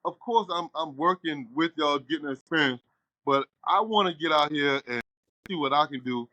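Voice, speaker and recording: A middle-aged man, talking casually in his barbershop. He tells his story with animation and slips into the other people's lines as he goes. His voice sits a little high and sounds bright and forceful, recorded close and dry. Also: normal speed, no room sound, dull audio. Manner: animated storyteller, acts out quoted dialogue. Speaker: barbershop owner.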